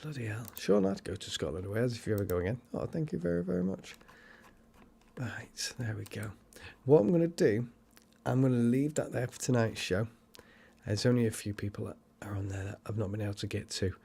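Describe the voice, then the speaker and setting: A man's voice: mid-range voice, animated, brisk, creaky, warm tone, breathy edge. A man hosting a paranormal livestream, chatting casually and rambling as he reads cards and comments. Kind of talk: casual live-stream chat and card reading.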